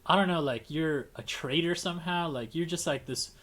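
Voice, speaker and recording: A man's voice: a little high, moderate pace, a bit bright. A man hosting a casual livestream conversation, talking in a rambling way with many restarts and fillers. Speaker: podcast host.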